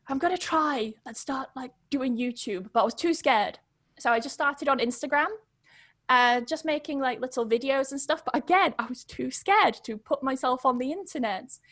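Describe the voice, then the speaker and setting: High-voiced chatty young Englishwoman. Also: fairly bright tone, dry recording, clean studio sound. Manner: chatty, quick, laughs often. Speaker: podcast guest, English pronunciation teacher. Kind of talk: casual storytelling interview.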